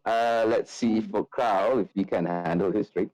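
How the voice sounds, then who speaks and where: A man's voice: on the low side, fairly even intonation, unhurried, darkish tone, no echo, low-quality recording. A man narrating a tabletop game as game master, chatty and full of fillers.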